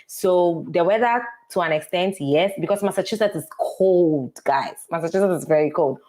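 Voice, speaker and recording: A young Ghanaian woman with a lowish voice speaks in an earnest, advising tone. Her points come with steady emphasis as she talks things through in a relaxed interview. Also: normal speed. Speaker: guest. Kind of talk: casual interview advice.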